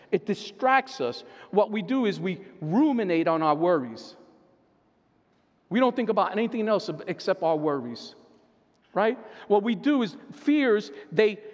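A man, a pastor and therapist, preaching a sermon in a conversational way, often checking in with the listeners. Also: high-pitched. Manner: conversational preaching, keeps asking "right?". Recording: long reverb of a large hall.

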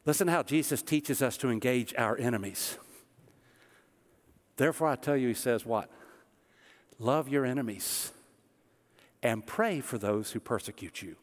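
A man preaching a sermon as pastor, swinging between loud emphatic lines and low conversational asides. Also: a little slow, long pauses, big-room sound.

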